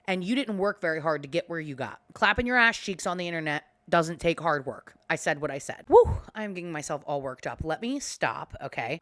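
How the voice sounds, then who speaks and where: A woman's voice: sits low, a bit bright, dry recording, studio quality. A young adult woman hosting a commentary podcast, ranting heatedly and swearing freely. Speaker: podcast host.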